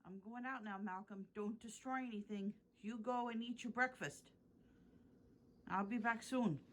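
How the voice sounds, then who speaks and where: A woman's voice: a little high, normal speed, fairly bright tone, a little hiss or hum. A woman, rambling and repeating herself as she chats to the camera in a casual vlog. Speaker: vlogger. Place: at home, then in her car.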